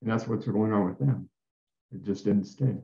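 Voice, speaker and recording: Warm and creaky, this man's voice sits on the low side and moves at normal speed. Addressing an audience as a guest speaker, he tells a personal story sincerely, often repeating and restarting his phrases, in a dull, roomy recording.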